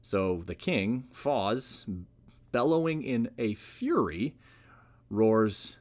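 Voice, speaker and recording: A man's voice: fairly low pitch, expressive, slow pace. A man hosting a history podcast, telling the story conversationally with wry asides. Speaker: podcast host. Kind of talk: casual history podcast narration.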